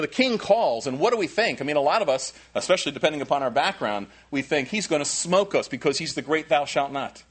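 Husky preacher swinging loud to soft. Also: male voice, mid-range voice. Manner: dramatic, swings from loud emphasis to near whispers. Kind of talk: sermon.

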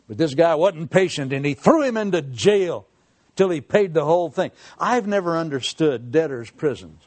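Lively, folksy preacher man. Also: high-pitched. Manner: folksy, humorous, drops to a quiet tone for serious points. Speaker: pastor. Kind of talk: sermon.

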